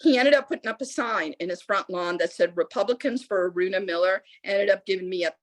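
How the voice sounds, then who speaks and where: A middle-aged woman from the United States, a lieutenant governor speaking as a guest, telling a story with lively acted-out voices. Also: mid-range voice, fairly quick. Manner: animated storyteller acting out quoted voices. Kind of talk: storytelling answer at a public talk.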